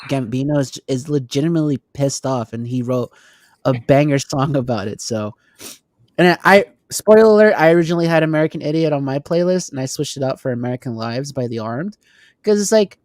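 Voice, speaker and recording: A man co-hosting a casual podcast chat, animated and swearing now and then. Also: medium pitch, fairly quick, dry recording, clean studio sound. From Texas. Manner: animated, swears, laughs often. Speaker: podcast co-host.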